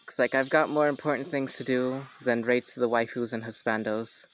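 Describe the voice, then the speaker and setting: A man of ordinary middle pitch hosts a relaxed conversation. He jokes often and corrects himself in an offhand way. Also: a little fast, soft background music, poor audio. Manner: joking, self-correcting, offhand. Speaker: host. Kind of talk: casual chat.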